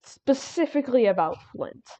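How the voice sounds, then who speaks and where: A woman's voice: sits high, lively intonation, moderate pace, dark tone, no echo, highs cut off. Rambling, laughing woman streamer. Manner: rambling, laughing, restarts mid-thought. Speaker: artist streamer. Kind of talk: casual stream chat while drawing.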